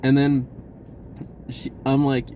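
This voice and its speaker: A man's voice: mid-range voice, monotone, slow, mellow, slight background noise. A man telling a personal story in a casual, rambling way, laughing often and acting out the voices of people in it. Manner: acts out voices in his retelling.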